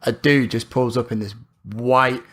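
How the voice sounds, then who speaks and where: A man's voice: mid-range voice, steady tone, a little slow, fairly bright tone. Young man, podcast co-host, brash, swears freely, laughs a lot, remote call. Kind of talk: casual chat.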